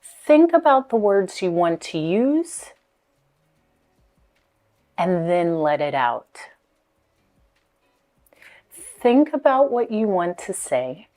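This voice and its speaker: A woman speaking coach giving motivational speaking tips, deliberate, pausing often and repeating key words. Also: medium pitch, very animated, mellow, soft background music.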